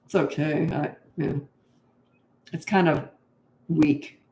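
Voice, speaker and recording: A woman's voice: low voice, steady tone, takes it slowly, gravelly, dark tone. An older woman, a parenting coach, answering interview questions in a frank, chatty way and laughing easily. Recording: roomy echo.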